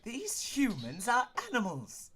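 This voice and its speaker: A man's voice: on the high side, sing-song. A man voicing a proud, haughty young female warrior princess in a put-on British accent, imperious and commanding. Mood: disgusted. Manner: imperious, commanding, quick to shout.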